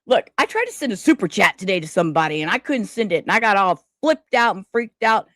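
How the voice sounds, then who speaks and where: A woman's voice: mid-range voice, sing-song, quick pace, a bit bright, no room sound, clean studio sound. A woman hosting a live stream in casual chat, rambling and losing her words. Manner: scattered, rambling, self-interrupting. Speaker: livestream host.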